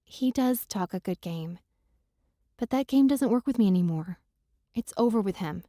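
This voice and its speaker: A woman reads a first-person romance audiobook in a wry, self-deprecating way that turns emotional easily. Her tone is mellow and dark-edged, at a middle pitch. The recording is dry and close-miked. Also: expressive, normal speed, no room sound. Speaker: audiobook narrator.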